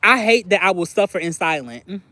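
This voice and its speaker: A young man with a high, light voice talks openly on a livestream, confiding and playful. He acts out little phone conversations in quick voices and keeps clearing his throat. The sound is close and dry, with no room around it. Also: expressive, bright, forceful tone, dry recording. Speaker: livestream host. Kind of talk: candid personal livestream chat.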